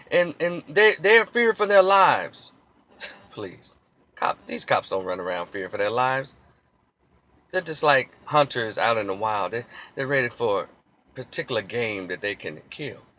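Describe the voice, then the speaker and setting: A man delivering a heated, preachy opinion monologue as a commentator. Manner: heated, preachy, mocks quoted cops in a shrill yell.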